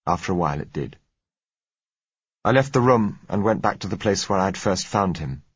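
A man narrating a novel in the first person, measured and understated. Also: sits low, expressive, breathy edge, dry recording. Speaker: audiobook narrator. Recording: dull, dry lo-fi recording.

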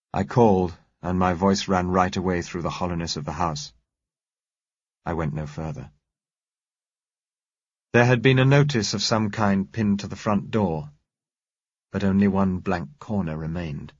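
A man narrating an audiobook in a measured, even, plain way. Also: deep voice, breathy edge, dry recording. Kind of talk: scripted narration. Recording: dull lo-fi, dry.

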